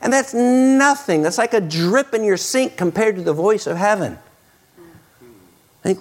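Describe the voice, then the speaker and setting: A middle-aged man preaching a sermon, earnest, restarting words often and rising to loud, excited peaks. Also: high voice, a little slow, long pauses. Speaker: pastor.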